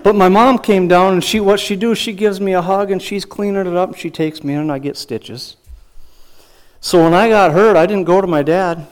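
A man's voice: high-pitched, moderate pace. An older man preaching a sermon in a folksy, conversational way, telling a family story and often repeating words as he goes. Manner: storytelling, animated when acting out his father's yelling. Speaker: pastor.

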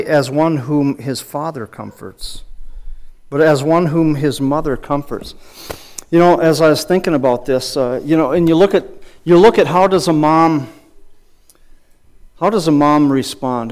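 A man's voice: fairly high pitch, a little slow. Older man preaching, folksy and conversational. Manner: storytelling, animated when acting out his father's yelling; folksy, conversational, repeats words. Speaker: pastor. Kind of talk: sermon.

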